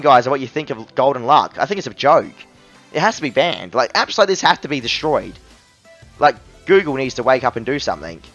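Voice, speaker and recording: Man, app review voice-over, angry exasperated ranting, middle pitch, slightly dull lo-fi sound, faint music underneath. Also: fairly bright tone.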